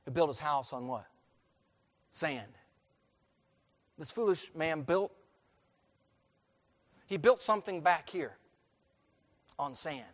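A man with a high voice preaching to his congregation. He swings between soft, low passages and loud, driving emphasis, and throws questions out for the people to answer. His voice carries a long reverb through the church. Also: animated, takes it slowly, pauses often. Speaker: pastor. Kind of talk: sermon. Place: church sanctuary.

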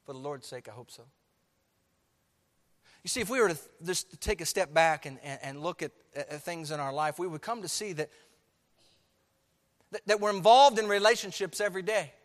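Guy preaching a sermon, kinda high voice, big church echo, gets loud then quiet. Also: lively intonation, a little fast. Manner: emphatic preaching, swings from soft to loud. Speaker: pastor. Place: church sanctuary.

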